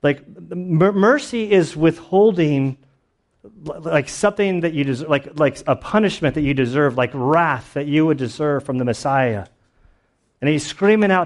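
A man's voice: a little high, animated, normal speed. A man preaching a sermon in a casual, conversational way, telling stories with lots of fillers and restarts. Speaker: pastor.

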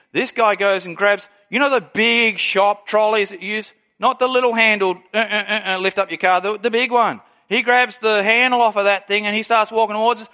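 A man preaching a sermon, telling stories with lively delivery and acting out the people he quotes. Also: high-pitched, normal speed. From Australia. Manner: animated storytelling, acts out quoted people. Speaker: pastor.

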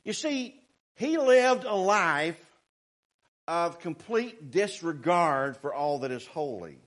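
A man preaching a sermon, fervent and swinging between shouted warnings and quiet asides. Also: on the high side, lively intonation, slow pace. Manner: fervent, rising to shouts, then quiet and sarcastic.

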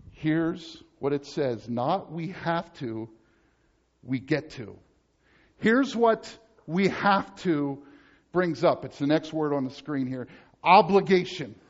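Emphatic high-voiced male pastor preaching. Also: dull audio. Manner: emphatic preaching, swinging between loud urgent passages and low quiet ones. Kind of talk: sermon.

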